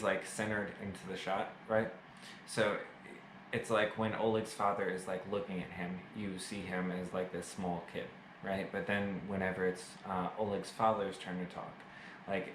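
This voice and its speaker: A man's voice: low-pitched, echoey room, noisy background. A man casually reviewing a movie to camera, chatty and full of fillers, with self-mocking jokes. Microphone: camera mic.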